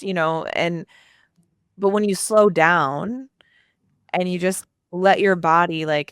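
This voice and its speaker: A woman coach calmly guiding a tapping exercise with encouraging instructions. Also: fairly low pitch, unhurried, dry recording, studio quality. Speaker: subconscious transformation coach.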